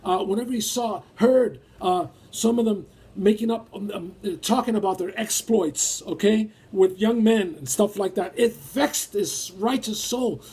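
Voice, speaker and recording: A man preaching with a fairly high, husky voice. He reads scripture and explains it with emphasis, pausing often, and his voice climbs when he presses a point. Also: warm tone. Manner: emphatic, rises when acting out feelings. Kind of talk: sermon.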